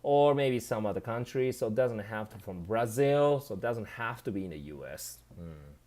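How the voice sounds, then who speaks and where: A man's voice: on the low side, expressive, moderate pace, darkish tone. A man from Japan with a Japanese accent, chatting casually on his live stream and answering viewer comments.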